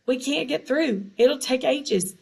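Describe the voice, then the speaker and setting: A woman's voice: slow pace, gravelly, slightly rough, full character voice. A woman reading aloud, voicing a loyal, blunt boy wizard sidekick in a raised, urgent voice. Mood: desperate. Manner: urgent, loud, higher-pitched than narration.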